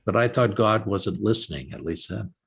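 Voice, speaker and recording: Gravelly, lively older man telling a story. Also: fairly low pitch, normal speed. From Canada. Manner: animated storyteller acting out quoted dialogue. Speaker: guest author. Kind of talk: storytelling in an interview.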